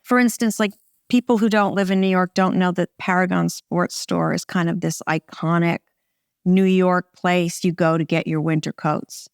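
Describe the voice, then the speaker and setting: A middle-aged American woman, a film director, chatting in an interview in a wry, relaxed way with short phrases and restarts. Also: on the low side, normal speed, gravelly, clear, resonant tone, no room sound, studio quality. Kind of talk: casual interview conversation.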